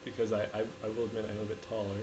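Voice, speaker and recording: A man's voice: fairly low pitch, very fast, muffled recording, noisy background, close to an everyday voice. A man playing a grown man who insists he's ten. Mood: earnest. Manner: deadpan, earnest, breaks into laughter. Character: forty-year-old man claiming to be ten, sulky, earnest. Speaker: interview guest. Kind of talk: improvised comedy interview.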